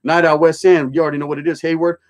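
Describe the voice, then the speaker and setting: A middle-aged man from California talks loosely on his livestream, reading viewers' chat aloud and spinning old stories. His voice sits a little higher than most men's, and his speech is full of street slang and profanity. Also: little pitch movement, very fast. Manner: streetwise slang, swearing, storytelling.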